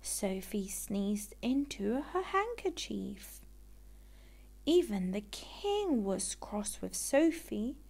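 A woman storyteller reading a children's picture book aloud in an expressive, deliberate way. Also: medium pitch, vocal fry.

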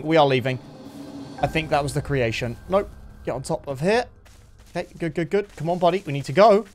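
A young man giving excitable, jumpy gameplay commentary, yelping when startled and talking to his horse. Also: on the high side, brisk, faint music behind. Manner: jumpy, excitable, talks to his horse, sudden yelps of fright. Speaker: gaming YouTuber.

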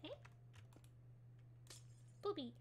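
A woman's voice: very slow, dull audio. A woman hosting a casual gaming livestream, chatty and giggly, answering her chat while she builds. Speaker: livestream host.

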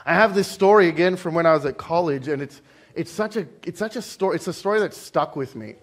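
A man's voice: a little high, fast talker. A young Australian man with an Australian accent giving a conversational church sermon, joking and acting out the people in the story. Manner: conversational, joking, acts out quoted voices. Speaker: pastor. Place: church hall.

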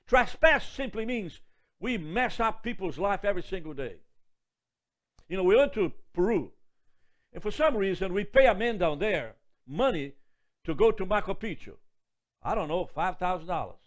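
A man's voice: high-pitched, very animated, normal speed. A man in his seventies, a pastor preaching and reading Scripture in a jovial, exclamatory way with chatty asides. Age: 70s. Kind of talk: sermon with Bible reading.

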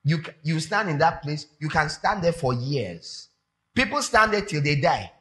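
Bright-voiced animated male preacher. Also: fairly high pitch, moderate pace. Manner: animated, emphatic, repeats phrases. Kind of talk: sermon.

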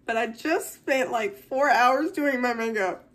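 A woman's voice: on the high side, unhurried, a bit bright. A young woman, chatting through an unboxing vlog, gushing and close to tears. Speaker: vlogger.

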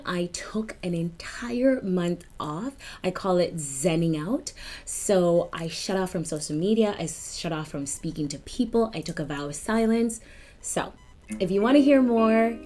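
Woman in her 30s vlogging, lowish voice, lots of ums, drops to a whisper sometimes. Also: expressive, a little slow. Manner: warm confiding talk with many ums and repeats. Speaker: Reiki healer and life coach. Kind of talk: personal vlog to camera.

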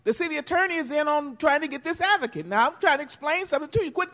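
An angry woman making a public comment, accusatory and pushing back when she is interrupted. Her voice is very high and sharp. It rings with long reverb in a big chamber. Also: expressive, racing. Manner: heated, accusatory, talks over interruptions. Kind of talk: public comment at a council meeting. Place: council chamber. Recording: reverberant hall.

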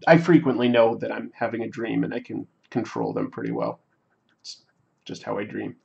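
A man hosting a livestream, telling a story in a rambling, reflective, halting way. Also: lowish voice, very animated, vocal fry, a little mellow, highs cut off. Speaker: livestream host. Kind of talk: casual storytelling while drawing on a livestream.

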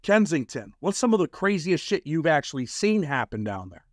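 A male host asks his guest direct, blunt questions in a casual way. His voice sits a little high. The recording is dry, with no room sound. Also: very animated, moderate pace, dry recording. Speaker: interviewer host. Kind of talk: casual interview.

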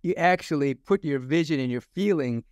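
A man's voice: on the high side, normal speed, a little mellow, smooth, no room sound. Male podcast host, methodical recap, dry close mic. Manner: sums up the guest's points in numbered steps. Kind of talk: conversational interview.

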